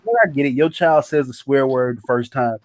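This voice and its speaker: A man telling a story in casual chat, animated and profane, acting out other people's lines. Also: medium pitch, fairly quick. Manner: animated, profane, acts out quotes.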